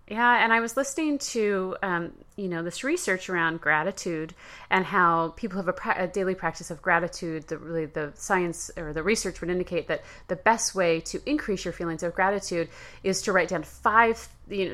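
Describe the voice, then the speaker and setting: A woman hosting a podcast, telling a personal story in a casual, chatty way with fillers and quick self-corrections. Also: lowish voice, pushed and bright. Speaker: podcast host. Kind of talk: casual solo podcast monologue.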